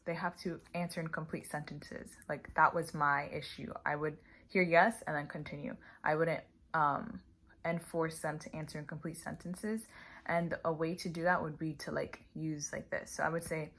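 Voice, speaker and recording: A young woman casually explaining online teaching tips, acting out slow, clear classroom phrases. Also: low-pitched, flat delivery, a bit bright. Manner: chatty, demonstrates teacher phrases slowly and clearly. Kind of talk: casual tutorial vlog.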